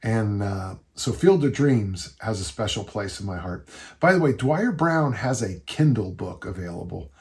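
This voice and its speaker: Older male podcast host, low gravelly voice, casual folksy coach who rambles warmly. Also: animated, a little slow. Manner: rambling, folksy storytelling with restarts. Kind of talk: casual listener Q&A chat.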